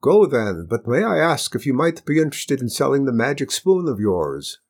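A man voicing an excitable male villager who speaks loudly and eagerly, reading a storybook aloud. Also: medium pitch, moderate pace, voice pushed up.

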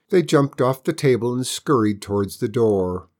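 A woman storyteller reading a children's story aloud in an expressive, measured way. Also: very deep voice.

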